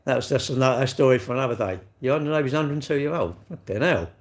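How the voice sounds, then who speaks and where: A man's voice: mid-range voice, animated, fast talker. A man, chatting bluntly with viewers on a livestream, swearing freely and calling everyone mate. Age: 60s. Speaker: livestream host. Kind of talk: casual chat reading live comments.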